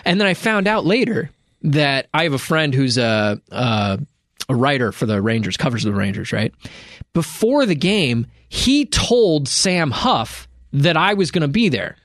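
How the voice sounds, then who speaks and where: एक उत्साही, जोशीली आवाज़ वाला आदमी. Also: male voice, fairly high pitch, a little slow, no echo, clean studio sound. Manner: animated storyteller acting out other people's lines. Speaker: podcast co-host. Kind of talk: casual storytelling chat.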